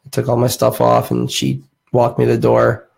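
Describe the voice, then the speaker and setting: A young man chatting on a podcast, his voice gravelly with a husky edge. He tells a long story in a loose, rambling way, full of fillers and casual swearing. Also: mid-range voice, monotone, moderate pace, a little mellow, low-quality recording. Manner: rambling, profane anecdotes with frequent fillers. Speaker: podcast host.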